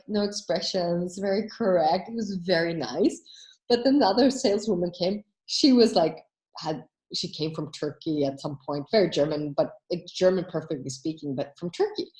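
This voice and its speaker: Lively woman coach in a roomy space. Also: medium pitch. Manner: animated storytelling, acts out quoted voices. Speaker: coach and workshop host. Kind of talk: casual workshop talk with anecdotes.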